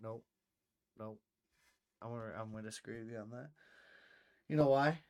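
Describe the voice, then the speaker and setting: A young man co-hosting a casual podcast, swearing freely and telling stories with rising excitement. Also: medium pitch, moderate pace. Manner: profane, animated storytelling, swears often. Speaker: podcast co-host and streamer.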